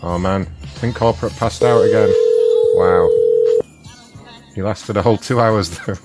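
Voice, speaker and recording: A man's voice: fairly low pitch, steady tone, moderate pace, loud music behind the voice. A man hosting a prank call show, who plays a polite company caller and mutters profane, sarcastic insults between calls.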